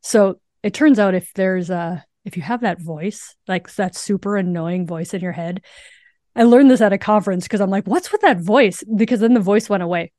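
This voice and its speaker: Woman, forties, interview guest, animated storytelling, middle pitch, dry close sound. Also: no echo. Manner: animated, quick, with many "like" fillers and acted quotes. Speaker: urologist and podcast guest.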